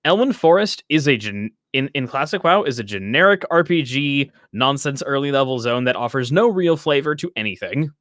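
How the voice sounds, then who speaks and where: Male podcast co-host, mid-pitched, dry close sound, rambling. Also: lively intonation, brisk, few pauses, fairly bright tone, no echo. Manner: rambling, self-interrupting, laughs often. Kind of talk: casual gaming podcast chat.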